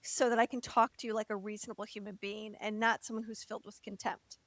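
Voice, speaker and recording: A woman co-hosting a podcast who tells a candid personal story in an animated way, acting out quotes and sometimes swearing. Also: medium pitch, fast, no echo. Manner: animated, laughs, acts out quotes. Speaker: podcast co-host.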